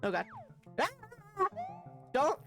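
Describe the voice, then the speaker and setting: A woman's voice: slow pace, over music. A woman live-streaming a video game, chatting with her viewers and shrieking at close calls. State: tired after work.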